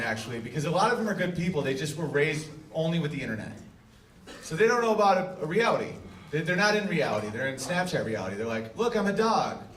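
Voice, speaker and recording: Brash high-voiced stand-up comic. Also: male voice. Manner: brash, riffing crowd-work. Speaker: stand-up comedian. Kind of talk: stand-up comedy with guitar. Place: comedy stage. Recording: roomy live room with loud guitar.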